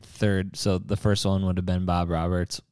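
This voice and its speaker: A man co-hosting a casual movie podcast, low-key and dry, listing facts flatly into a close mic. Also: normal speed, clear, resonant tone, no echo. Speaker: podcast co-host.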